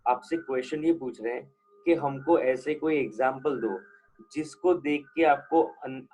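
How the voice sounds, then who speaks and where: A man's voice: medium pitch, darkish tone, poor audio. A man with an Indian accent teaching an accounting class online, switching between English and Hindi and often checking whether students follow. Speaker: accounting lecturer. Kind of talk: live online lecture.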